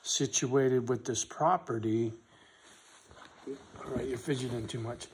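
Slow, blunt-talking man. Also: mid-range voice, steady tone, slightly rough. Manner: blunt, swearing, repeats "right?", voice swells loud when angry then drops quiet and soft; slow, deliberate delivery with pauses. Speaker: vlogger on his rural property. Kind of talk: emotional personal vlog, talking to camera.

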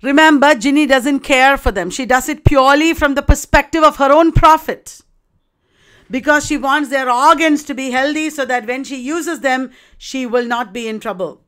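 High-voiced woman giving a literature lecture. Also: moderate pace, a bit bright. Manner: explanatory, addressing students with rhetorical checks.

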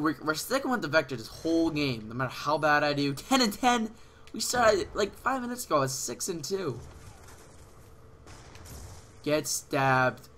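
Excitable young man yelling over gameplay. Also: mid-range voice, a little hiss or hum. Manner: excitable, swearing, sudden yells at other players. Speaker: gaming channel host. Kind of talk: casual live gameplay commentary.

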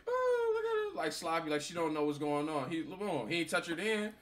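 A man's voice: a little high, fairly quick, hardly any pauses, over a noisy crowd. A young man casually commenting on a video with his brother, laughing often and acting out what people say. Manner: animated, laughing, acts out quotes. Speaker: co-host reacting to a video.

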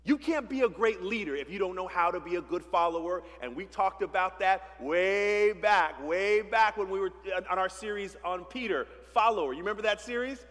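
A man's voice: sits high, animated, normal speed, hardly any pauses, fairly bright tone. A male pastor preaching a sermon in a conversational way, full of rhetorical questions and playful asides, in a church sanctuary. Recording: long reverb of a church sanctuary.

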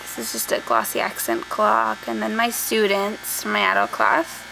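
A young woman vlogger showing her handmade scrapbook albums in a soft, chatty way, often trailing off and starting over. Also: a little high, very animated, moderate pace, gravelly. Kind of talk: casual show-and-tell. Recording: faint background noise.

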